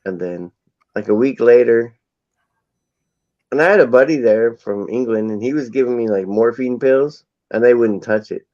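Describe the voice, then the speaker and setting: A man's voice: medium pitch, moderate pace, darkish tone, no room sound. Man rambling through a story, lo-fi. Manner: rambling anecdotal storytelling with acted quotes. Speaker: storyteller in casual chat. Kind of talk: casual chat. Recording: dull lo-fi sound.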